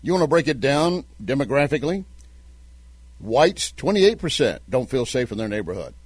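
A man's voice: mid-range voice, very animated, husky, no room sound. A man with a Southern American accent hosting a talk radio show, reading sponsor spots and giving emphatic commentary. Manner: emphatic, repeats phone numbers slowly.

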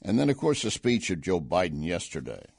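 A man's voice: sits low, very animated, fairly quick, vocal fry, a little mellow, no echo. A man hosting a political talk show, speaking conversationally and pushing hard on key points. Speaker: talk radio host. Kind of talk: political commentary.

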